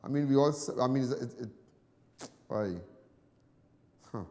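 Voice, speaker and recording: A Trinidadian man hosting a news show, telling personal stories in casual commentary, animated and then low and soft when sad. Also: slow, long reverb tail. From Trinidad and Tobago.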